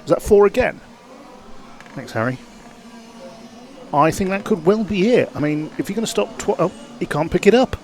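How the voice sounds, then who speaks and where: A man's voice: high voice, lively intonation, moderate pace, darkish tone. A man filling in on live race commentary, hesitant and unsure of himself. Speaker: stand-in co-commentator.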